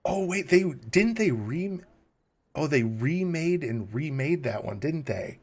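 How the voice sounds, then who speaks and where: A man's voice: on the high side, lively intonation, slow pace, darkish tone. A man hosting a livestream, rambling casually, chuckling and reading chat questions aloud, tired in the early morning. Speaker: livestream host.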